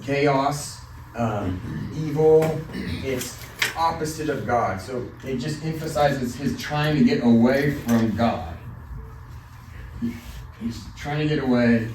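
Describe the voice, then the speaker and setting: A man's voice: medium pitch, slow. A man teaching a Bible study class in casual, conversational style, asking the group questions and telling light stories. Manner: conversational, asks the class questions, tells a joking story. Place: church classroom. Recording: roomy, mic from a distance, faint noise.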